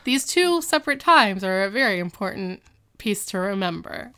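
A woman's voice: mid-range voice, sing-song, moderate pace, fairly bright tone, smooth. A woman co-hosting a casual chat about a TV episode, chatty and quoting the characters as she goes. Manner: chatty, quotes characters while recapping. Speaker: podcast co-host.

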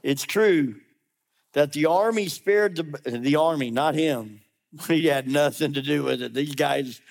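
Slightly high-voiced pastor preaching conversationally. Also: male voice, unhurried, vocal fry. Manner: conversational, direct challenges to the listener; sarcastic asides. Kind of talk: sermon.

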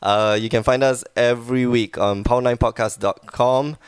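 A man's voice: medium pitch, steady tone, normal speed, clear, resonant tone, no room sound. A man hosting a podcast in casual chat, rambling and laughing easily, with a wheezy cough. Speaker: podcast host.

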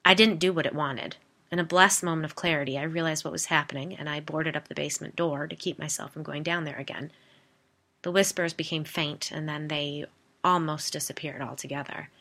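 Lady reading a blunt folksy middle-aged guy in a story, low gravelly voice. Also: steady tone, a little fast, sharp tone, full character voice. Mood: grim. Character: middle-aged man, homeowner, gruff and plainspoken.

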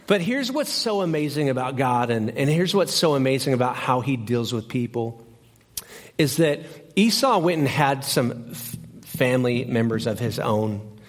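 In a church sanctuary, a young pastor preaches a sermon at normal speed and medium pitch. He tells stories animatedly, acting out both sides of each exchange.

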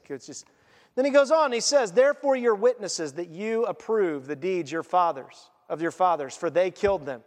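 A man preaching a sermon as pastor in a conversational, animated way. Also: high voice, moderate pace, in a large hall. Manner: conversational, animated, laughs at his own points.

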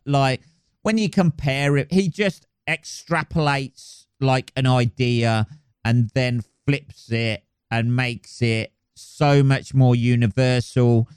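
Rambling sweary podcast host. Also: male voice, mid-range voice, darkish tone, smooth, no room sound, clean studio sound. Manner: rambling, sweary, many ums and restarts. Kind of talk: solo podcast monologue.

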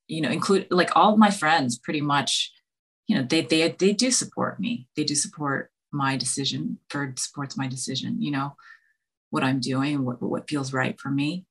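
A woman talking earnestly as a guest, halting and searching for words with many restarts. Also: sits low, slightly rough. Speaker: podcast guest. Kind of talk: earnest conversation.

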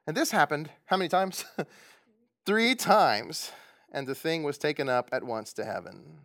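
Leading prayer and a Bible study for groups at tables, this man talks conversationally and slips in gentle jokes. His voice is on the high side, expressive and a bit bright, and he speaks a little slowly.

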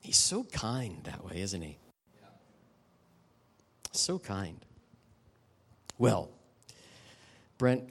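A middle-aged man giving a guest sermon at a church service. He tells personal stories in a candid, emotional way and turns to the audience with quick asides. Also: low voice. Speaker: guest preacher. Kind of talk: conversational sermon ending in prayer.

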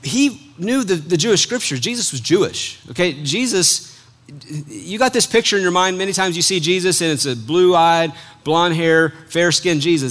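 The man's voice is high-pitched and he speaks at normal speed. Preaching a sermon, he reads scripture aloud, explains it in an animated, chatty way, and jokes with those listening in his congregation.

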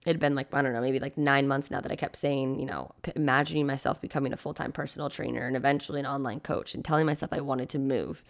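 Low, gravelly-voiced woman telling her story. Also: fast talker, few pauses. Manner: candid, animated retelling with quoted asides and frequent "like". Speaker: podcast host. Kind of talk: personal storytelling podcast.

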